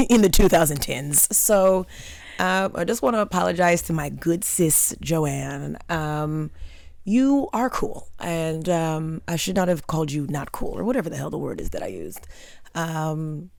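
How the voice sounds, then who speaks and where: A young adult woman from Long Island, a comedian guest telling stories in animated, casual podcast talk, often laughing. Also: deep voice, unhurried, creaky, no echo, clean studio sound. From Long Island, New York.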